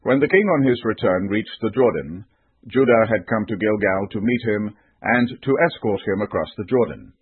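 Husky low-voiced man reading scripture. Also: animated, moderate pace, no echo. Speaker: narrator. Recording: tinny phone-like audio, dry.

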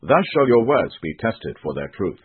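A stern male governor speaks with a husky, lively voice, as a man reads him in his own low tone. He sounds commanding and solemn. The sound is tinny and phone-like, with no room echo. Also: normal speed, full character voice. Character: stern male Egyptian governor testing strangers. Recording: tinny phone-like dry recording.

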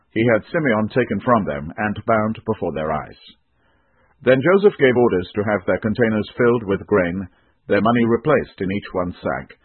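A man narrating a scripture reading in a measured, solemn manner over a tinny recording. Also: on the low side, husky, no room sound. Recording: tinny phone-like dry recording.

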